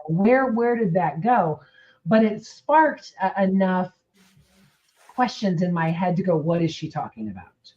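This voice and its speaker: A woman's voice: lowish voice, lively intonation, unhurried, a little mellow. A woman hosting a casual conversation, speaking reflectively and acting out remembered dialogue. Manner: reflective, acts out quoted dialogue. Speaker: podcast host. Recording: dull lo-fi audio.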